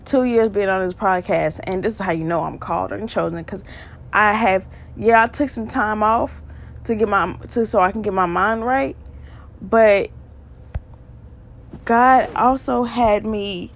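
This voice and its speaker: A woman's voice: mid-range voice, a little hiss or hum. A woman hosting a podcast and sharing a faith testimony, earnest and repetitive, stressing points again and again. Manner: earnest and repetitive, with quick bursts of emphasis and laughs. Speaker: podcast host. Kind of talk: faith testimony talk, preaching.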